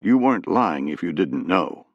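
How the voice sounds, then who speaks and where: A man voicing a calm, authoritative male president who placates and explains. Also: sits low, no echo, muffled recording. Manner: measured, placating.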